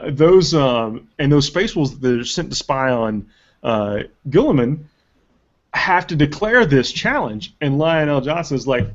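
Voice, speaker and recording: A man hosting a casual live webcast chat and reading viewer questions, animated and rambling with restarts. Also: medium pitch, unhurried, muffled recording. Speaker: webcast host.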